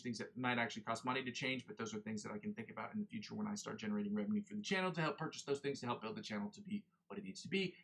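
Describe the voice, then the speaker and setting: A man's voice: medium pitch, pushed and bright, slightly rough. A young man hosting a guitar livestream, chatting in a rambling, self-correcting way. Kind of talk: casual livestream chat.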